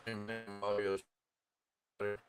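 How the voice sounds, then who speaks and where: A man's voice: lowish voice, little pitch movement, normal speed, soft background music. A man hosting a livestream in casual chat, hesitant and fumbling as he troubleshoots his setup. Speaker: livestream host.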